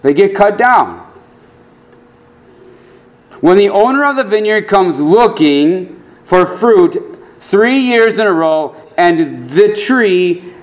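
A male pastor preaching a sermon, earnest, dropping to quiet low asides and rising to emphatic lines.

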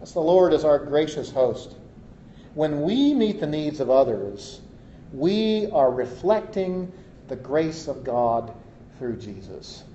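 Warm-voiced pastor preaching in an echoey church. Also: male voice, on the high side, sing-song, slow. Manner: conversational, repeats words, wry humor. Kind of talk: sermon. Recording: echoey, dull, faint hiss.

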